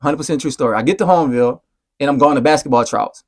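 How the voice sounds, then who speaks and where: A man in his thirties telling stories as a podcast guest, animated and profane, rambling through anecdotes. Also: mid-range voice, racing. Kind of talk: casual storytelling.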